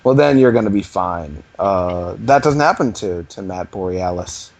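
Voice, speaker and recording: A man's voice: deep voice, expressive, normal speed, lo-fi sound. A man co-hosting a comedy podcast, reacting with wry, chuckling asides and riffing on the story. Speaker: podcast co-host. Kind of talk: comedic banter.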